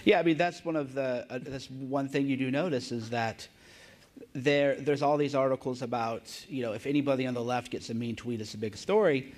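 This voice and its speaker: A man's voice: mid-range voice, brisk, a little mellow. Casual man interviewing on stage.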